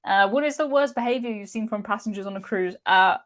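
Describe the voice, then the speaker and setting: A woman's voice: medium pitch, quick pace. A woman hosting a cruise live stream, chatting casually and reading out viewer comments with frequent laughs. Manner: chatty, laughs often, excitable.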